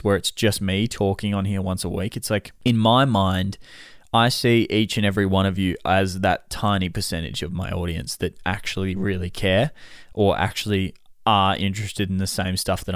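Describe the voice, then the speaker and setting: A man's voice: sits low, steady tone, moderate pace, clean tone, no room sound, studio quality. A man hosting his own solo podcast, talking casually to listeners, rambling, correcting himself mid-sentence and swearing offhandedly. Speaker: podcast host.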